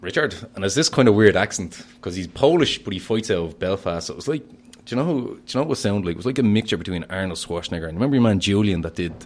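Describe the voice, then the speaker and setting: A man's voice: lowish voice, animated, rapid-fire. A young Irish man, a fighter, chatting brashly on a podcast, boastful and laughing often. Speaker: fighter guest. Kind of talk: casual podcast chat.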